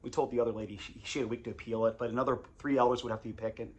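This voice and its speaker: A man's voice: mid-range voice, steady tone, racing. A man and former congregation elder telling his story in a casual, confessional way, rambling and repeating phrases.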